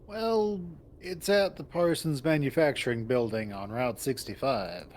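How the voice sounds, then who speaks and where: A man's voice: medium pitch, unhurried, a little mellow, slight background noise. A man narrating a visual novel in the first person and voicing its lead, in a wry storytelling manner.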